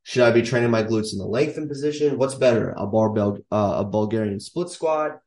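A fitness coach in his thirties gives casual instructional talk to camera about strength training, emphatic and repeating his key points. His voice is on the low side, a little mellow and a little fast, heard from a distance in an echoey room.

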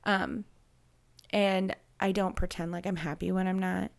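A woman's voice: lowish voice, level tone, measured pace, creaky. A woman in her thirties talking openly and emotionally in a personal conversation, rambling and restarting as she works through her feelings.

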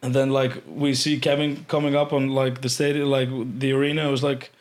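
An Icelandic man, a podcast guest, telling casual stories with lots of swearing and loud acted-out quotes. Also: medium pitch, fairly quick. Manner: animated, swearing, acts out quotes loudly. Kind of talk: casual storytelling chat.

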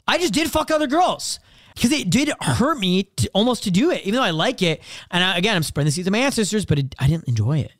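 Young man, podcast co-host, rapid-fire, profane, confessional, slightly high voice, dry close sound. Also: big pitch swings, a bit bright, dry recording. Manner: fast, profane, confessional, acts out quotes. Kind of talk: candid casual chat.

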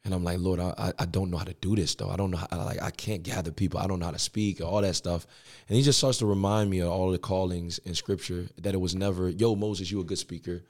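Young male pastor guest, very low voice, casual slangy storyteller. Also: steady tone, fast, darkish tone. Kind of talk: storytelling interview.

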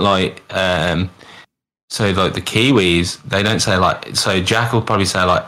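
A low-voiced man hosting a casual podcast chat. He jokes around, swears freely and slips into playful accent impressions as he talks. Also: fairly even intonation, measured pace, bright, forceful tone. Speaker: podcast host.

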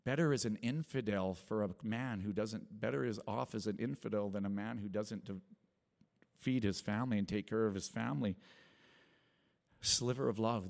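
A man's voice: creaky, big-room sound. A man in his forties giving a rambling, earnest testimony sermon to a small church congregation, with many restarts. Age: 40s. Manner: rambling, earnest, with many restarts and acted quotes that rise high. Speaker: lay preacher sharing testimony.

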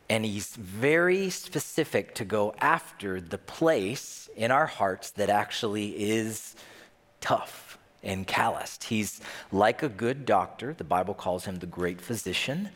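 Young guy preaching, super animated up and down, playful, big echoey church hall. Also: fairly low pitch, takes it slowly. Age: young adult. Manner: animated, playful storytelling with acted-out voices. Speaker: pastor. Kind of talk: sermon. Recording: long hall reverb.

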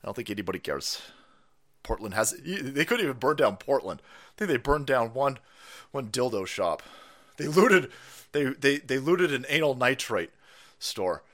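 A man's voice: medium pitch, big pitch swings, moderate pace, a bit bright. A man ranting sarcastically on a livestream, profane and laughing often. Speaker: political commentary streamer.

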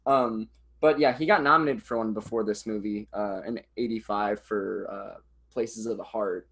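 A man's voice: on the low side, fairly even intonation, normal speed, creaky, a bit bright, husky. A young man co-hosting a casual film podcast, laughing often and putting on silly voices when quoting scenes. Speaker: podcast co-host.

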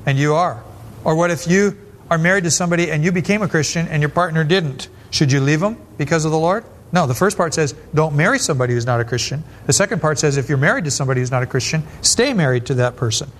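A man in his seventies, a pastor giving a blunt sermon full of personal stories, quick asides and rising emphasis. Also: a little high, slight background noise.

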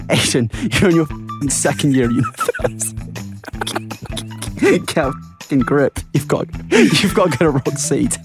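A man's voice: a little high, huge pitch swings, takes it slowly, pauses often, music in the background. A young man co-hosting a podcast, joking, laughing and swearing through loose banter. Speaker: podcast co-host. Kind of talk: casual chat.

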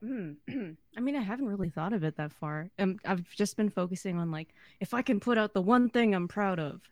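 A woman's voice: medium pitch, animated, brisk, no echo, clean studio sound. A woman guest on a podcast, chatting casually and thoughtfully, laughing easily. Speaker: podcast guest, guitar teacher. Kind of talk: casual chat.

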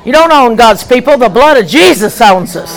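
Leading a deliverance prayer session in a large meeting hall, a woman evangelist with a fairly high pitch and lively intonation speaks at a moderate pace. She calls out forceful commands, often shouted, and draws the audience into call-and-response.

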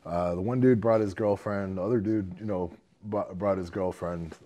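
Mellow-voiced laughing man telling a story. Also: low voice, moderate pace. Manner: animated, profane, laughing while telling a story. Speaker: podcast co-host. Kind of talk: casual chat, storytelling.

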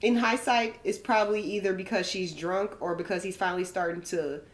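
A woman's voice: mid-range voice, fairly even intonation, fairly quick. A young woman co-hosting a podcast, chatting in a laid-back, giggly and agreeable way. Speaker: podcast co-host. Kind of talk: casual chat.

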